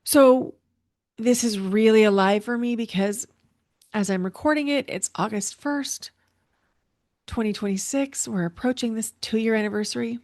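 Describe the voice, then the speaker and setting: She's a middle-aged podcast host and intuitive coach speaking in a heartfelt, reflective monologue, often repeating herself for emphasis. Her voice sits on the high side with a darkish tone and a moderate pace. The studio recording is clean, with no room sound.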